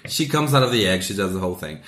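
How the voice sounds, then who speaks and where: A man co-hosting a podcast in a casual chat. He laughs often and acts out quoted lines in a high voice. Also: sing-song, racing, a bit bright. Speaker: podcast co-host. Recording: roomy echo.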